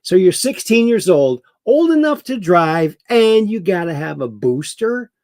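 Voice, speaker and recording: Gravelly, slow-talking livestream host. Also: male voice, high-pitched, sing-song, darkish tone, no room sound, studio quality. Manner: mocking, chuckling political commentary. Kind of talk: casual livestream chat reading comments.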